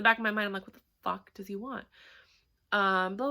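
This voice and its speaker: A woman's voice: medium pitch, quick pace, pushed and bright. A woman in her thirties telling a personal story in a candid, rambling vlog, full of fillers and swearing. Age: 30s. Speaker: vlogger.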